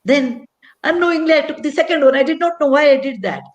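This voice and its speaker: A woman's voice: high-pitched, animated, quick pace, roomy sound, highs cut off. An older woman with an Indian English accent tells a personal story earnestly and reflectively at a public talk, often repeating phrases for emphasis. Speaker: guest speaker.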